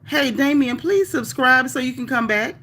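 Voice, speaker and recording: A woman hosting a casual livestream, reading viewer comments aloud in a chatty, animated, folksy way. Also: high-pitched, moderate pace, a little hiss or hum. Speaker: livestream host reading chat. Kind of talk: casual live chat.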